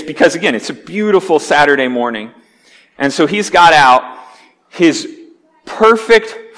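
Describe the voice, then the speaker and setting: A man preaching a sermon, telling a vivid story and acting out its scenes with growing intensity. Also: fairly high pitch. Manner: animated storyteller, acts out scenes with rising intensity. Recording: long hall reverb.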